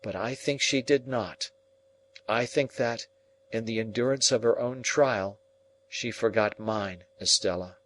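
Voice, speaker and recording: A man's voice: mid-range voice, a little slow, a bit bright, slight background noise, close to an everyday voice. A man reading an earnest, lovesick young man who speaks in a pleading, heartfelt way.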